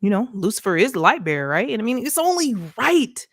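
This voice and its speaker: Brisk and sing-song, this fairly high-pitched woman co-hosts a casual, ranting podcast commentary over a video call. She talks emphatically, hammering her points home with a rhetorical "right?" again and again. The studio-quality recording has no echo.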